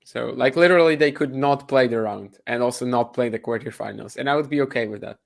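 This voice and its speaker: Gravelly man giving blunt tennis takes. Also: medium pitch, quick pace. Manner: blunt, dismissive, heavy on fillers like "like". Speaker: co-host tennis pundit. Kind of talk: casual opinionated chat.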